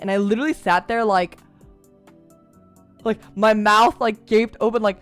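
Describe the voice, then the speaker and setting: A young adult woman streamer telling a story in casual chat, animated, laughing and swearing freely. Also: fairly high pitch, fairly quick, soft background music.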